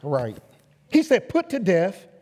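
A man preaching a sermon as a guest pastor, emphatic and calling for responses from the congregation, rising to loud exhortation. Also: high-pitched, wildly swooping pitch, slow pace. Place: church sanctuary. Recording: long reverb of a large hall.

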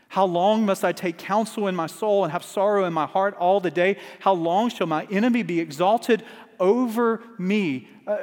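A man's voice: high voice, in a large hall. A man preaching a sermon as a pastor, earnest, building urgency through repeated refrains.

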